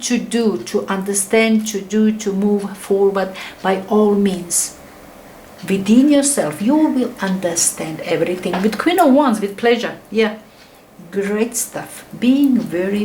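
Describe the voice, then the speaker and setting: A woman's voice: medium pitch, a little mellow, a little hiss or hum, rough recording. A middle-aged woman giving a casual tarot reading in non-native English, rambling and enthusiastic, her phrases often sinking to a near whisper. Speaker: tarot reader.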